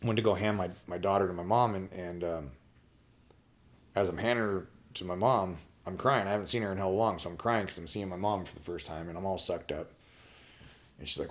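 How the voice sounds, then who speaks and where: A man with a very low, deep voice tells a personal story on a podcast. He talks bluntly and swears freely. He often stops and restarts his sentences. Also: fairly even intonation. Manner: blunt, profane, halting with restarts. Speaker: podcast guest.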